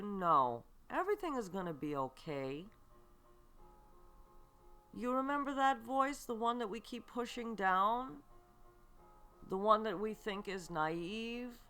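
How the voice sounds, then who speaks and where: A woman hosting a spiritual self-help podcast, speaking slowly and earnestly, asking the listener rhetorical questions and checking in with "okay". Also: on the high side, a bit bright. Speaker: podcast host and psychic reader.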